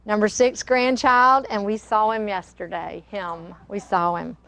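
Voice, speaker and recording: A woman's voice: mid-range voice, fairly even intonation, a little slow, gravelly, a bit bright, dry recording. An older woman, hosting a casual cooking demonstration and chatting in a rambling, storytelling way. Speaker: cooking show host. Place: kitchen studio.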